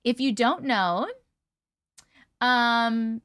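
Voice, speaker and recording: A woman's voice: a little high, drawn-out words, fairly bright tone, smooth, no room sound, studio quality. A young woman hosting a casual livestream, greeting viewers by name and chatting, short on sleep. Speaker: livestream host. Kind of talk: casual live-stream chat.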